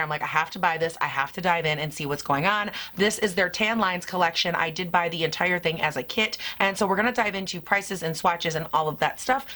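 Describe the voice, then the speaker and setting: A woman reviews makeup in a casual, enthusiastic vlog, her voice hoarse and a little squeaky as she recovers from losing it. She sits a touch low in pitch for a woman and talks to viewers like friends. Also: a bit bright. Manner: chatty and enthusiastic, addresses viewers as y'all. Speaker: beauty vlogger.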